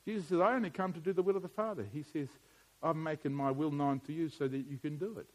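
A middle-aged man preaching a sermon, moving from quiet musing to loud, emphatic preaching. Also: a little high, fast.

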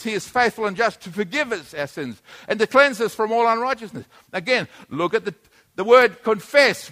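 A man's voice: sits high, a bit bright. A man preaching a sermon, teaching plainly and then building to emphatic, repeated points.

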